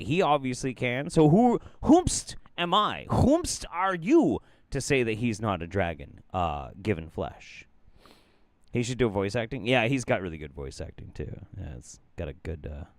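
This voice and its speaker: A man's voice: lowish voice, very animated, normal speed, no echo. A man hosting a show of reaction clips, joking in a profane, playful and exaggerated way as he comments. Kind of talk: casual comedic commentary.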